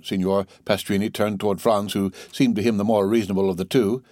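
A man narrating a classic novel as an audiobook in a steady, formal storytelling manner. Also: fairly low pitch, a little fast, dry recording, studio quality.

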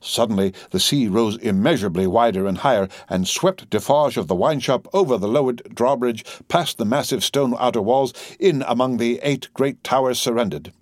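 A man's voice: mid-range voice, moderate pace, few pauses, dry recording, clean studio sound. A man narrating a classic novel aloud in an intense, rhythmic, building reading. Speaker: audiobook narrator. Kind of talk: dramatic literary reading.

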